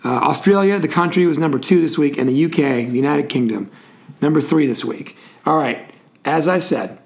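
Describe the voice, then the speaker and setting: A man's voice: fairly high pitch, normal speed, vocal fry. A man hosting a casual sports podcast, chatty and rambling, with frequent fillers and asides. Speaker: podcast host.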